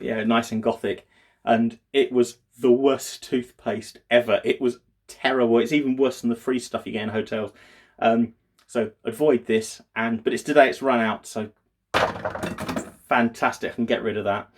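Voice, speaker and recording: Husky-voiced man rambling. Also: mid-range voice, darkish tone. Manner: rambling, hesitant, with many fillers and restarts. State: low and downbeat. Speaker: vlogger. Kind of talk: casual daily video diary.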